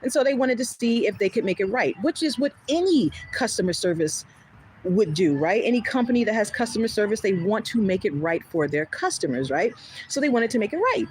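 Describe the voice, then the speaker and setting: On a livestream with poor audio and a faint hiss or hum, a woman tells a story fairly quickly in a mid-range voice. She's lively, voicing the quoted exchanges herself and often breaking into laughter.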